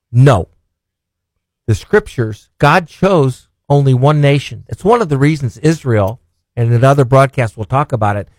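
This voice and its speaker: A man preaching a sermon and reading scripture as a broadcast host, earnest and emphatic, asking rhetorical questions and slowing down on key phrases. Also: mid-range voice, dry recording.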